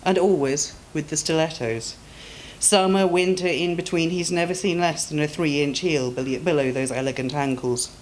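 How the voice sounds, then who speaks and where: A woman author reading her own story aloud in a measured, expressive way at a live reading. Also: sits low, slight background noise.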